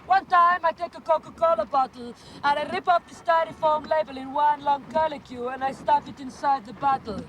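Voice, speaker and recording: A woman's voice: high voice, steady tone, brisk, few pauses, a bit bright, slight background noise, pitched above the performer's own voice, rough recording. A woman doing a rambling male cabbie. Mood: musing. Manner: rambling, offbeat storytelling. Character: chatty male cab driver waiting for fares.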